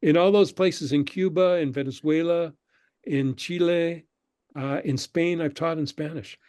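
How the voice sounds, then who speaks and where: An older man, a guest on an interview show, telling relaxed stories about his past and acting out the people he quotes. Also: fairly high pitch, unhurried, dry recording. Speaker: guest, screenwriter and professor. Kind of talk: conversational interview storytelling.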